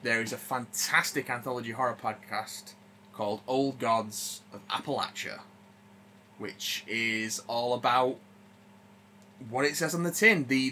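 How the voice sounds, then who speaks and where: A podcast co-host, male, chats casually in a medium-pitched voice that sounds pushed and bright, with slight background noise. He rambles, filling his talk with lots of ums and restarts.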